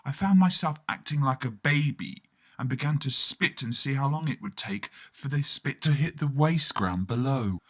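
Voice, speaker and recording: A man's voice: medium pitch, animated, normal speed, fairly bright tone. A man narrating a first-person comic story in a wry, rambling, self-mocking way.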